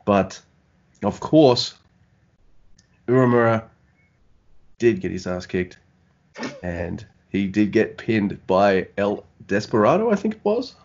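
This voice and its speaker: Relaxed rambling man in casual chat. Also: fairly low pitch, slow, pauses often, highs cut off. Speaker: podcast co-host.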